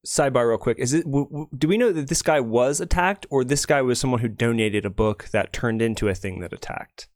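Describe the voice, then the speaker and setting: A man's voice: mid-range voice, a little fast, few pauses, no echo. A man playing a tabletop role-playing game who asks questions casually. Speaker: player.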